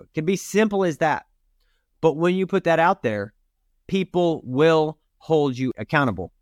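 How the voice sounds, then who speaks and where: A man's voice: on the high side, sing-song, brisk, no room sound, clean studio sound. Emphatic middle-aged man giving motivational talk. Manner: direct and emphatic, addressing listeners as you. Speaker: podcast host and rodeo competitor.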